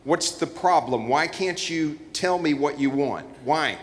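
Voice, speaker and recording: A man emcees a church Christmas show from the stage, playing flustered as he reads cards aloud. His voice sits a little high. The sound rings with long reverb in a big auditorium. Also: a little slow. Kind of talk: comedic stage hosting.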